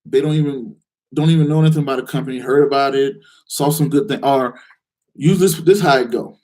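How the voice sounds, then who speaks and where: A man hosting a live investing call-in show, answering viewers' questions in a direct, challenging way with lots of rhetorical questions. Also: a little fast. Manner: animated, acts out excited investors in a higher voice.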